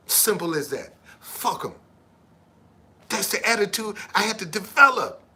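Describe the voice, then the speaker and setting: A man's voice: high voice, big pitch swings, unhurried, sharp tone, husky. A man in his seventies with a missing tooth, ranting emphatically and swearing often on a live stream. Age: 70s. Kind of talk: profane motivational rant.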